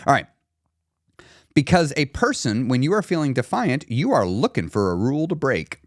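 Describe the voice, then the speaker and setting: Lively, animated man coaching live. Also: mid-range voice, normal speed, no room sound, clean studio sound. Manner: animated, laughs often, acts out voices. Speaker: coach hosting a live stream. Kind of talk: casual live teaching.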